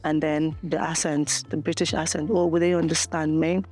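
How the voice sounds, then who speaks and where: Emphatic Nigerian woman, low-pitched. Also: little pitch movement, normal speed, a little mellow, faint music behind. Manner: emphatic, repeats phrases for effect. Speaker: international student teacher. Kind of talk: casual interview chat.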